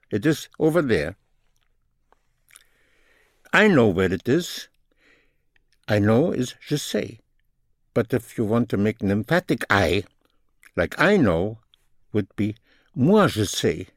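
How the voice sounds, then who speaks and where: Slow, deliberate male language teacher. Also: mid-range voice, no room sound, clean studio sound. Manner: slow, deliberate, repeats each phrase in both languages. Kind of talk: language lesson.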